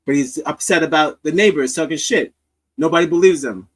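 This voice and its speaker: A man's voice: a little high, a little fast, poor audio. A man hosting a comedy podcast, riffing loosely with laughter and profanity. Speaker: podcast host. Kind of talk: casual comedic commentary.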